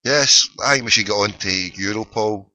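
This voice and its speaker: A middle-aged Glaswegian man hosts a phone-in podcast alone, ranting with sarcasm and swearing freely in casual commentary. His voice is lowish and sharp-toned, with a moderate pace, and the recording quality is low.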